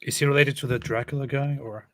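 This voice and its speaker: A man's voice: mid-range voice, fairly even intonation, quick pace, a bit bright, dry recording. A man co-hosting a casual livestream, joking and reading viewer comments aloud. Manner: joking, reads comments aloud, laughs often.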